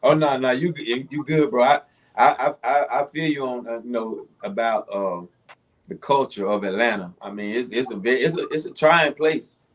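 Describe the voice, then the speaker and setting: A man who is a guest on a casual chat, speaking in a reflective, halting way. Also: medium pitch.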